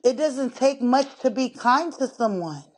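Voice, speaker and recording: A woman's voice: sits high, lively intonation, unhurried. A woman hosting a podcast, ranting indignantly while slightly out of breath from walking laps in her living room. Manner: indignant, exasperated, talks straight to listeners. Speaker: podcast host. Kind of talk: casual ranting monologue.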